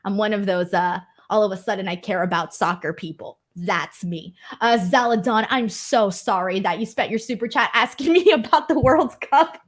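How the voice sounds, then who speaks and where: A young woman hosts a casual wrestling livestream, reading viewer super chats and telling funny stories in a chatty, self-mocking way. Her voice is mid-range, at a normal speed with few pauses.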